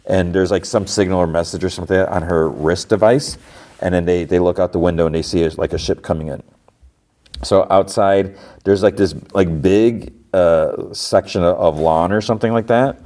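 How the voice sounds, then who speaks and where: Man, podcast host, casual episode recap, low pitch, dark mellow tone. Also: fairly even intonation, moderate pace. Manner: retells scenes with quoted voices, many fillers like "like".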